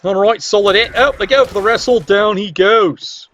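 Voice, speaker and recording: A man's voice: sits high, normal speed, fairly bright tone. A man giving cheeky match commentary on a video game, full of wry asides and casual swearing. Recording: dull lo-fi sound.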